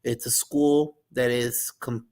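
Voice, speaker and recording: A man's voice: medium pitch, fairly even intonation, slow, darkish tone. A man in his fifties, a school administrator, talking animatedly as a podcast guest and repeating his words like a coach giving a pep talk. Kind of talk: casual interview talk.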